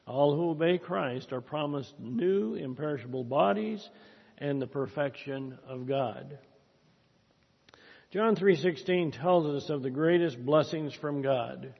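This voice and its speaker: A man's voice: on the high side, unhurried, vocal fry, slightly rough. Male preacher, earnest and exhorting, muffled, dull recording with long reverb. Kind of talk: sermon with closing prayer.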